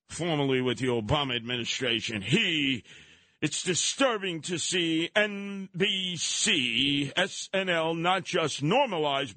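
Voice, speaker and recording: A man's voice: on the high side, pushed and bright, no room sound. Brassy, emphatic talk radio host man. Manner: emphatic, mocking, colloquial. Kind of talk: opinionated talk radio monologue.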